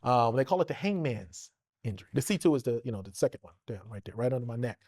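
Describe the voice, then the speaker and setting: A man's voice: medium pitch, expressive, fast talker, darkish tone. A middle-aged man from Los Angeles, a guest telling stories in a casual, profane interview and acting out the voices of people he quotes. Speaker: actor guest.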